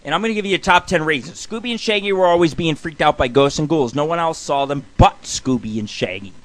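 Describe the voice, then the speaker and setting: A man's voice: a little high, quick pace. A middle-aged man hosting a radio show, telling jokes and reading comic lists in a loose, swearing manner. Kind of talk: casual comedic radio monologue.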